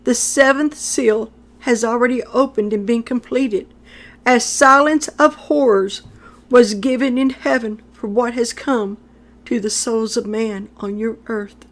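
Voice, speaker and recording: A woman's voice: a little high, fairly even intonation, a little slow. A woman delivering a prophetic message in a solemn, declamatory way, repeating phrases for emphasis. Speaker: prophetic speaker.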